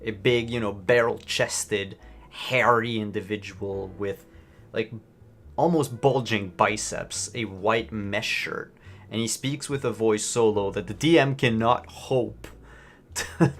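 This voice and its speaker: Casual game master with a lowish voice. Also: male voice, slow pace, fairly bright tone. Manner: casual, with fillers. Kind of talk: narrating and voicing characters in a tabletop game.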